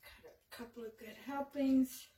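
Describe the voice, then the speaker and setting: Slow-talking high-voiced woman home cook. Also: fairly even intonation, warm tone. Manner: chatty, talks straight to viewers. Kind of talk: casual cooking demonstration.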